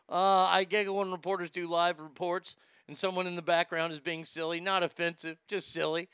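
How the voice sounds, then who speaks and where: A man's voice: sits high, flat delivery, brisk, hardly any pauses, fairly bright tone, smooth, dry recording. A man hosting a talk show, ranting bluntly and sarcastically with plenty of profanity, and reading listener comments aloud. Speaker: radio talk show host.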